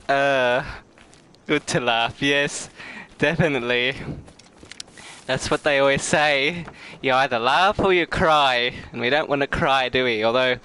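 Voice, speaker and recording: A man's voice: mid-range voice, slow, sharp tone, slight background noise. A middle-aged man chatting casually with viewers while streaming a game, giggling often and laughing hard. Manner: giggly, breaks into fits of laughter; chatty, talks to chat viewers. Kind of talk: casual gameplay livestream chat.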